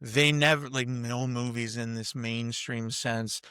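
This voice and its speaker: A man's voice: medium pitch, steady tone, unhurried, sharp tone, clear, resonant tone, no room sound, clean studio sound. A man co-hosting a casual movie review podcast, giving blunt opinions and backing up his co-host. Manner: opinionated, frequent affirming interjections.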